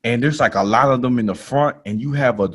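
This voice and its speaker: Man, podcast host, comic storytelling, slangy, animated, mid-pitched voice, loud bursts in quotes. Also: a little fast. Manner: animated, jumps to loud exclaims in quoted lines; casual slangy talk, laughs through story.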